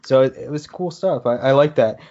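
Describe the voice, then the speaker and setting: A man's voice: mid-range voice, fairly quick, darkish tone, lo-fi sound. A man in his twenties co-hosting a podcast, easygoing and sharing trivia with small hesitations. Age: 20s. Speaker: podcast co-host. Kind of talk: casual chat.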